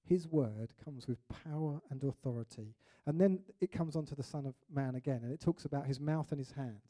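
A man preaching a sermon in an animated way, acting out little scenes and voices. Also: mid-range voice, fairly quick.

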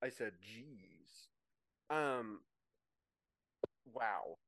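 A man's voice: medium pitch, lively intonation, normal speed, fairly bright tone. A man co-hosting a podcast over a remote call, speaking hesitantly with many restarts and dry asides. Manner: hesitant, lots of ums and restarts, wry. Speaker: podcast co-host. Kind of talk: casual chat.

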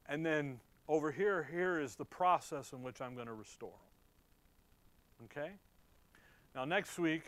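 A man teaching scripture with a slightly raised pitch, quizzing his hearers and answering himself. He swings from loud emphasis to near-murmured asides. The sound is dry and close, with no room echo. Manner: conversational, asks and answers his own questions; swings between emphatic and quiet. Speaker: pastor. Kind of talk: expository Bible teaching.

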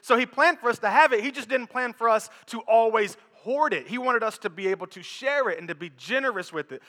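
A man preaching a sermon in an animated, joking, repetitive way, in a church. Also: very high-pitched, brisk, hardly any pauses. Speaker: pastor. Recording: echoey church hall.

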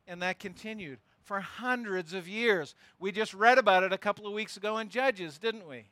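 A man's voice: sits high, lively intonation, normal speed, hardly any pauses, bright, forceful tone, no room sound. A pastor preaching a sermon, teaching verse by verse and pressing his listeners with emphatic rhetorical questions.

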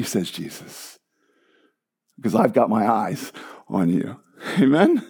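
A man preaching a sermon, moving between loud emphatic proclamation and low hushed tones, with excited conversational asides to the congregation. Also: slow, long pauses, husky. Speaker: pastor.

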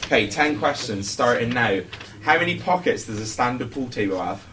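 A man's voice: medium pitch, lively intonation, moderate pace, sharp tone, far from the mic. A man hosting a quiz on a student podcast, chatty and giggly, with lots of fillers. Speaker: quiz host. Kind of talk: casual student podcast chat. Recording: noisy room, speaker a little off-mic.

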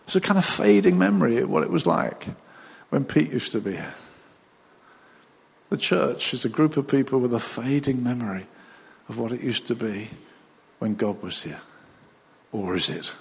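Animated male preacher in a reverberant hall. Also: medium pitch, normal speed, vocal fry, long pauses, husky. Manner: animated, acts out voices of disciples. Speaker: pastor. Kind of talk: sermon.

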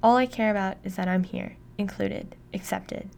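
A woman giving steady, intimate first-person audiobook narration. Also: medium pitch, normal speed, gravelly, slight background noise.

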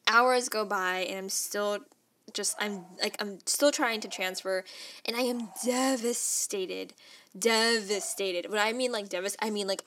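A young adult woman telling a personal story in a casual, animated way, with lots of "like" and quick laughs. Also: medium pitch. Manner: animated and emotional, heavy use of "like", frequent laughs.

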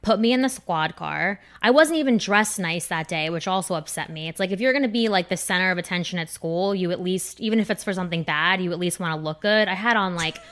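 A woman's voice: fairly low pitch, fast talker, hardly any pauses. A woman from New Jersey, a comedian guest telling a story on a casual podcast and acting out the quoted voices. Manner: animated, acts out quoted voices.

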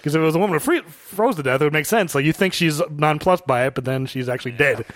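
Brief: high, lively male co-host, dry close sound, chatty film critic. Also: fast, no room sound. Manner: animated, mimics characters, frequent laughs and fillers. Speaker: podcast co-host. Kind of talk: casual movie review chat.

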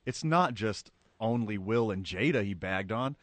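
A man's voice: fairly low pitch, lively intonation, unhurried, a bit bright, dry recording. A man co-hosting a comedy podcast, cracking blunt, mocking jokes. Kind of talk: casual podcast banter.

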